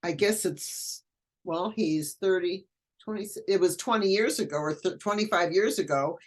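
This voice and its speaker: An older woman who is a guest educator, chatting casually in an interview and telling animated stories. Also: fairly low pitch, moderate pace. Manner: animated storyteller, acts out quoted voices.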